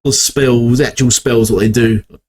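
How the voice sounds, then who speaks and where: Speaking at a medium pitch with a steady, darkish tone and moderate pace, this young man thinks aloud on his reaction video, wandering and self-correcting in casual commentary. A slight hiss or hum runs underneath.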